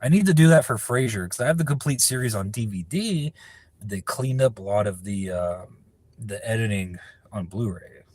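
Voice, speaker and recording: Male streamer from California, low husky voice, loose and profane, reads chat aloud and riffs on it. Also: lively intonation, normal speed, a little mellow, dry recording. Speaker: livestreamer answering viewer chat. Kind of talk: casual live-stream chat.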